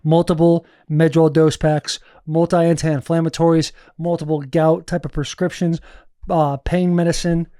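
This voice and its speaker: A man in his thirties, a former football player co-hosting a podcast, telling a story in animated, profane casual chat from a studio. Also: a little high, normal speed, clear, resonant tone, no room sound.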